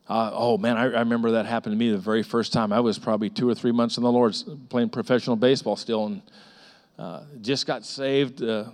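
A middle-aged man preaching a sermon as a pastor, telling stories with lively repetitions and acting out the voices of the people in them. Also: mid-range voice. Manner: animated storytelling with frequent repetitions and acted-out voices.

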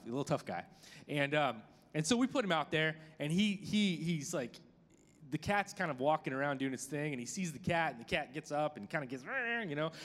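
A man's voice: fairly high pitch, a bit bright. A man in his thirties preaching to a group, telling a personal story in a chatty, self-deprecating way with many fillers. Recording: long hall reverb.

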